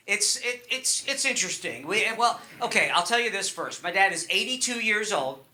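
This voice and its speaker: A man's voice: sits high, pushed and bright. A middle-aged man from Long Island performing a stand-up comedy set on a club stage, rambling loosely with fillers and restarts. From Long Island, New York.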